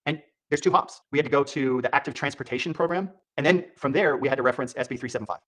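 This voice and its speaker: A man's voice: medium pitch, rapid-fire, hardly any pauses, fairly bright tone. A man hosting political commentary, heated and scornful, breaking down clips and mocking the people in them. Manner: heated, scornful, mocks others in put-on voices. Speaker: commentary host.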